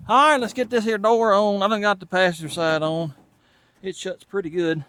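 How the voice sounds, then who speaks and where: A man's voice: sits high, steady tone, normal speed, noisy background. A man with a Southern US accent, talking casually to the camera while fixing an old truck in a garage and thinking aloud as he works. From Tennessee. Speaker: channel host and mechanic.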